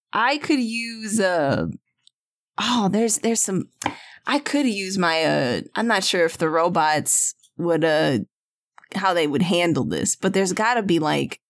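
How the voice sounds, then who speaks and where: A woman playing a tabletop role-playing game, thinking aloud with laughs and halting restarts. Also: medium pitch. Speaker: player. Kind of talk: casual tabletop role-play chat.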